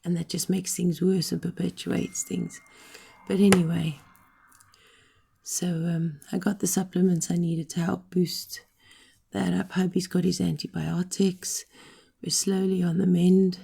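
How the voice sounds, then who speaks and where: A middle-aged woman recovering from illness, talking casually to camera, hoarse and short of breath, rambling and apologetic. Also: fairly low pitch, level tone, unhurried, warm tone. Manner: rambling, apologetic, frequent ums.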